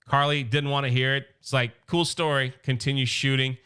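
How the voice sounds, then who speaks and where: A man recapping a story for his channel, excitable and openly a fan. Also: medium pitch, a little fast, clear, resonant tone. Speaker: YouTube reviewer.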